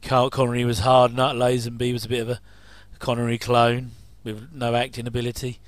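Chatty man, smooth dry voice. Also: mid-range voice, monotone, fairly quick, dry recording. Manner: chatty, jokey asides with chuckles. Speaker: commentary host. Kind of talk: casual watch-along commentary.

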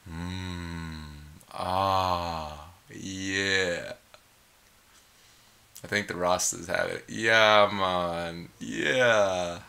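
A man casually leading a heart meditation as an energy healing teacher, laid-back and blissed out, with sighs, hums and soft chuckles. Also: low-pitched, fairly even intonation, drawn-out words, creaky.

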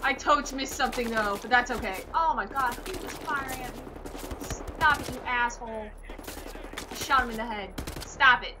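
A young woman playing a video game with a friend, excitable and swearing, shrieking when startled. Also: fairly high pitch, normal speed, noisy background. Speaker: gamer, co-host. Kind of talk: let's-play banter.

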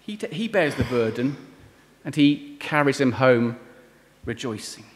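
A man's voice: medium pitch, animated, a little slow. Earnest male preacher in a reverberant hall. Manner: earnest, pleading, drops soft on key words. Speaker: visiting preacher. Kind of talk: sermon. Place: church hall.

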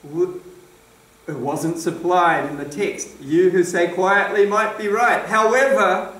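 A man's voice: high-pitched, steady tone, slow pace, fairly bright tone. A man preaching a sermon in a church hall, emphatic and questioning his congregation. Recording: roomy echo, distant mic.

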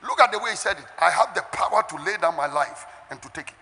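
A pastor in his sixties from Ghana preaching a sermon with fervour, breaking into shouts and half-sung phrases. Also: high voice, animated, quick pace, slight background noise. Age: 60s. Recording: echoey hall with faint music.

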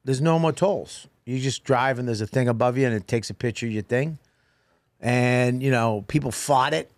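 A man's voice: medium pitch, normal speed, dry recording. A man co-hosting a comedy podcast, ranting bluntly and with exasperation, swearing freely, on a studio mic. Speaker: podcast co-host.

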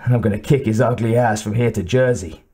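A gruff battered tough cop, voiced by a male narrator. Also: fairly low pitch, fast talker, mellow. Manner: gruff, curt. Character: injured tough male cop, blunt and profane.

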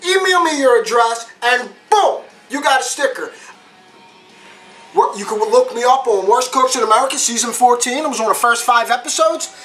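A man's voice: very high voice, animated, normal speed, fairly bright tone, soft background music. A man hosting a casual cooking demonstration, chatty and repeating his phrases with street slang. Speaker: home cooking show host.

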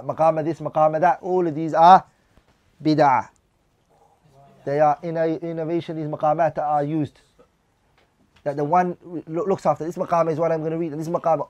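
A man's voice: a little high, darkish tone, no echo. A man teaching a religious class, reading lines of Arabic text and then explaining them in English while putting questions to his listeners.

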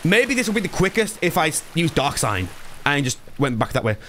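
A young man chatting live while playing a game, ranting and swearing, alternating between low mumbles and loud outbursts. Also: very animated, a little fast, slight background noise. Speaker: streamer. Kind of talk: casual live-stream chat.

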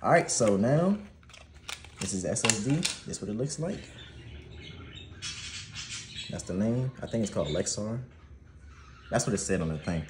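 A man's voice: lowish voice, expressive, moderate pace, long pauses, echoey room, background noise. A man hosting a gaming channel, chatting casually through an unboxing and install tutorial, laid-back and prone to swearing and laughing.

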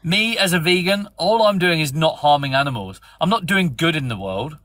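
A man's voice: on the high side, expressive, normal speed, a bit bright, dry recording, studio quality. A man hosting a phone-in live stream, arguing back with theatrical mock outrage. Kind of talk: casual debate.

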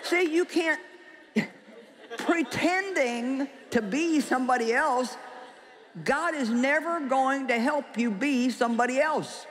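A woman's voice: high voice, slow. A woman preaching a sermon to a live congregation, emphatic and joking, often quizzing her listeners. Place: large hall with an audience. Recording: long hall reverb with faint crowd.

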